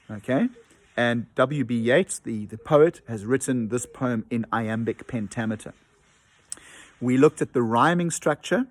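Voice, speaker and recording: A man's voice: mid-range voice, unhurried. A man teaching an online lesson from home, explaining patiently with many ums and uhs and tapping out rhythms aloud. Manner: hesitant with frequent ums and uhs.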